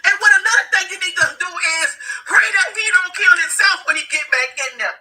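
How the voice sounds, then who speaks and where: A woman with a very high, shrill voice rants in an emotional video clip. She laughs and shouts between lines and swears freely. Her tone is piercingly sharp throughout. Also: a little fast. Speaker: relative of a fugitive.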